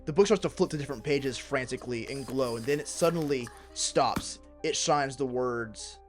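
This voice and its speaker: A man's voice: mid-range voice, moderate pace, faint music behind. A young man as game master, describing scenes vividly. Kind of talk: narrating a tabletop game.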